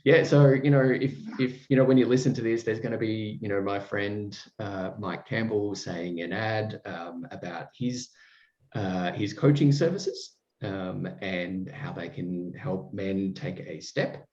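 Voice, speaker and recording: A man's voice: lowish voice, steady tone, unhurried, a little mellow, lo-fi sound. Effusive male podcast host, roomy sound. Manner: effusive, rambling with fillers and restarts. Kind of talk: casual chat with a guest.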